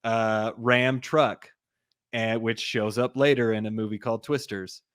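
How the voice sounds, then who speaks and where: In a casual movie recap, a young male podcast co-host retells the plot in a rambling manner, leaning on "like" and other fillers while acting out quotes. His voice sits on the low side, fairly even and a little slow, with a fairly bright, clear, resonant tone. The studio-quality audio has no echo.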